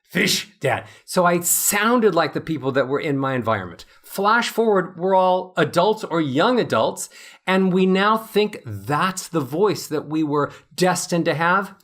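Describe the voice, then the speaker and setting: A man's voice: sits high, expressive, measured pace, fairly bright tone. A man in his fifties, a voice coach, explaining with animation and acting out examples as an interview guest.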